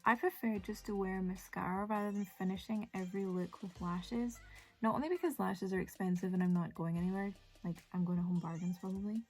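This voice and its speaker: A woman's voice: mid-range voice, brisk, faint music behind. A young woman, chatting casually and rambling through a make-up tutorial with many fillers. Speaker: beauty vlogger.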